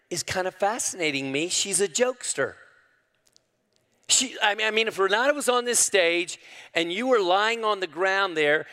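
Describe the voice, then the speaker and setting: Older preacher guy, kinda high voice, y'all-ing the crowd, big echo hall. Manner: preaching with sudden loud rises to quoted scripture; folksy, addresses the crowd as y'all. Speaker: pastor. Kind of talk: sermon. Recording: long hall reverb.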